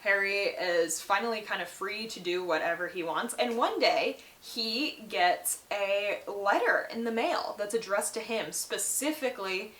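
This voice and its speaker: Brief: a chatty female book vlogger at a medium pitch, casual recap, roomy echo. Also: animated, measured pace, hardly any pauses, fairly bright tone. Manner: chatty, heavy use of "like". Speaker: book reviewer.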